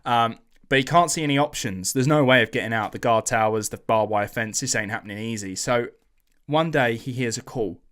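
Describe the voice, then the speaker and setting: A podcast host tells a history story casually and with animation, swearing and acting out quotes in slangy voices. His pitch is medium and his pace a little fast.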